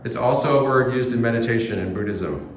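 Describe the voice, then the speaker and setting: A man's voice: medium pitch, fairly quick. Man, vlog host, English teacher, easygoing questions, echoey room. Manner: relaxed, friendly questioning with short backchannels. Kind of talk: casual interview and classroom teaching.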